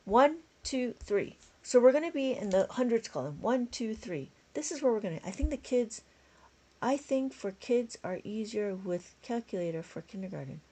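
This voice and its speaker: A woman's voice: on the high side, expressive, normal speed, dark tone. A tired woman with a school-age child, teaching an abacus math lesson on a live stream, chatty and laughing often as she counts steps aloud. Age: adult with a school-age child. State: tired, yawning.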